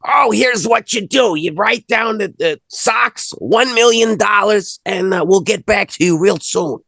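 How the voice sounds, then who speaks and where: A man doing a comic impression of a shrill, nasal male airline counter clerk, drawling out mock-helpful instructions. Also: measured pace, gravelly, pushed and bright, exaggerated voice.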